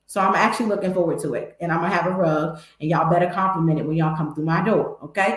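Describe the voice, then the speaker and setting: A woman's voice: lowish voice, fast talker, few pauses, echoey room. A woman hosting a podcast, giving candid, emphatic advice in casual talk and speaking to her listeners directly. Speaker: podcast host.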